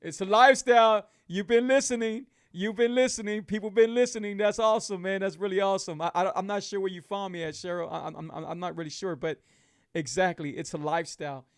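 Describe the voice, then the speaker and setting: A man's voice: high-pitched, fairly even intonation, brisk, clear, resonant tone, dry recording, clean studio sound. A middle-aged man, hosting a casual live talk for his viewers. He speaks with emphatic, repetitive, preachy encouragement. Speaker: host of a keto lifestyle show.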